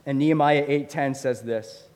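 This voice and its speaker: A man in his thirties preaching a sermon as a pastor, conversational and animated, with lots of fillers. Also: medium pitch, moderate pace. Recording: long hall reverb.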